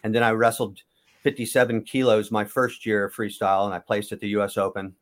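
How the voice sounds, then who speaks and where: A former wrestler from Kansas, a man in his fifties, tells long, rambling stories in a casual interview, frequently correcting himself mid-thought. His voice is on the low side with a level tone, and he talks a little fast.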